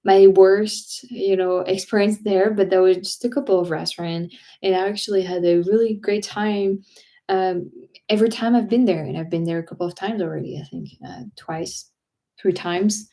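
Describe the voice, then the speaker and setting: A woman's voice: medium pitch, fairly even intonation, moderate pace, mellow. A woman from France with a French accent, chatting casually as host of a livestream, rambling with many restarts and fillers. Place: home.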